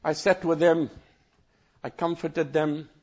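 High-voiced cleric, earnest. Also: male voice, little pitch movement, takes it slowly, a little mellow, highs cut off. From South Africa. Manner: earnest, repeats phrases, breaks into chanted Quran recitation. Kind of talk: emotional first-hand recounting talk.

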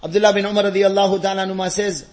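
A man preaches in a high, ringing voice, building his lines through repetition to impassioned peaks. He weaves Arabic phrases into his English as he exhorts the congregation. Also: little pitch movement, very fast, a little mellow. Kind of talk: sermon.

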